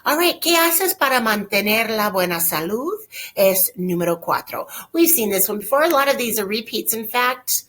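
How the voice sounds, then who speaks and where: A woman teaching a Spanish lesson in a folksy, upbeat way, slowing down to drill example phrases. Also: on the high side, lively intonation, a bit bright. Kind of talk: recorded online lesson.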